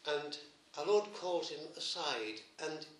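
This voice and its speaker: A man, a priest, preaching a sermon, retelling a gospel story gently with emphatic repetitions. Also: fairly high pitch, animated, takes it slowly, reverberant, a little hiss or hum.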